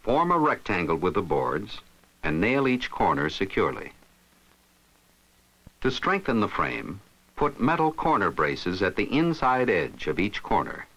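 A man giving scripted narration for an instructional film, explaining steps in a steady, instructive way. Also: low-pitched, a little slow, low-quality recording.

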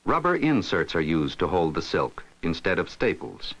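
Narrating an instructional film, a man with a somewhat low voice speaks at a moderate pace on poor audio. His scripted, methodical delivery has a lively pitch that rises and falls as he explains each step.

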